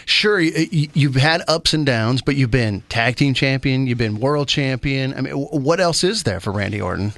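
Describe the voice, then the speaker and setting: A man's voice: medium pitch, lively intonation, moderate pace, hardly any pauses, fairly bright tone, no echo. A man hosting a radio show in the studio, asking questions casually with a joking, stumbling delivery. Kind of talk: casual chat.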